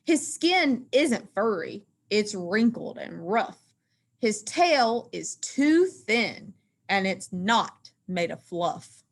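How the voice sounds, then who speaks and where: A woman teacher reading a rhyming picture book aloud in an expressive, sing-song way. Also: medium pitch, extremely slow.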